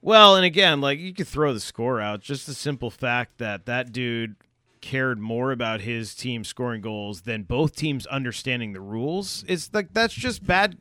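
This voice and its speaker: A man's voice: medium pitch, animated, unhurried, sharp tone, dry recording. A man co-hosting a podcast, reacting bluntly and telling his own story with swearing. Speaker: podcast co-host. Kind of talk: casual chat.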